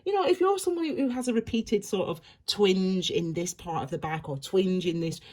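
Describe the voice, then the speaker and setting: A woman's voice: mid-range voice, lively intonation, fairly quick, a little mellow. A woman giving an intuitive tarot reading, talking in a reflective, rambling way with many restarts. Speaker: tarot reader.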